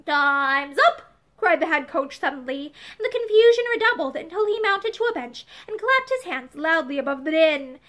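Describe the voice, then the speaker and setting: A woman reads an old-fashioned novel aloud, her high voice rising and falling with animated storytelling. She keeps a steady narrator's flow through each passage. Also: fairly quick, hardly any pauses. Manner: expressive, lively storytelling. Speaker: reader.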